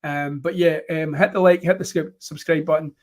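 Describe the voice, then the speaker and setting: A man's voice: on the high side, fairly even intonation, normal speed. A man hosting a casual live-stream chat, rambling with many ums and fillers. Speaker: host.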